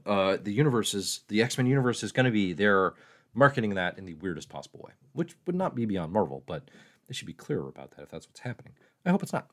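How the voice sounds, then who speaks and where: A man's voice: sits low, fairly bright tone. A man hosting a casual livestream, joking and mocking himself as he answers viewer questions aloud. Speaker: comics livestream host.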